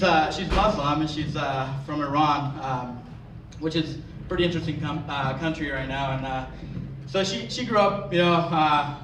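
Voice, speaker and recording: Onstage at a live comedy venue, a young man with a fairly high voice delivers a crude, profane, self-deprecating stand-up set to an audience. The recording, from a distant mic in an echoey room, has crowd laughter and background noise.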